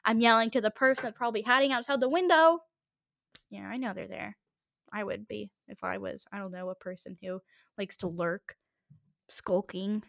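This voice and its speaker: A teenage girl hosting a solo podcast, ranting quickly and in exasperation, with many asides. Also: mid-range voice, gravelly, fairly bright tone, no echo, studio quality. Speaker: podcast host.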